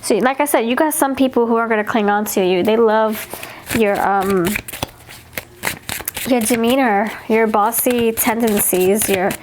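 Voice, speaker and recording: A woman's voice: fairly high pitch, unhurried, noisy background. A woman giving a pick-a-card tarot reading, chatting casually, repeating herself and reading card messages aloud. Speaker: tarot reader.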